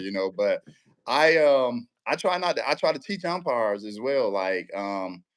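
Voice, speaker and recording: A man's voice: mid-range voice, expressive, a little slow. A man with a drawl chats easily as an interview guest, spinning stories from the ballfield. He leans into his tales, laughs often, and keeps asking whether the listener follows him. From Central Texas. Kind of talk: casual interview chat.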